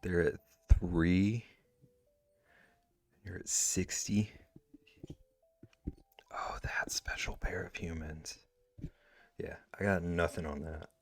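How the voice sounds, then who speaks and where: A male livestreamer chatting casually with his viewers, laid-back and teasing, sometimes dropping to soft asides. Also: deep voice, fairly even intonation, slow, vocal fry, pauses often, dry recording, faint music behind.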